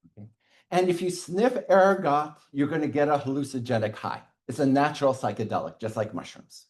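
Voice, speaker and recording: Man, middle-aged, university lecturer, animated swooping delivery, classroom talk, frequent "okay" check-ins. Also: medium pitch, a little fast. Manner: lively, chuckles often, checks in with "okay".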